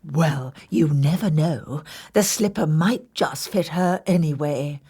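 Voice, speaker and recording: A woman doing a stern, lowered baron. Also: takes it slowly, warm tone, breathy edge, heavily acted. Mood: sly. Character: gruff, sensible baron, middle-aged man.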